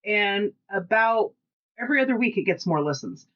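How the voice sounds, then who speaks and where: A woman's voice: medium pitch, normal speed, dull audio. Chatty woman telling a story. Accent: Pacific Northwest American. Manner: chatty storytelling, animated quoted dialogue. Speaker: podcast co-host. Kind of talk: casual podcast chat.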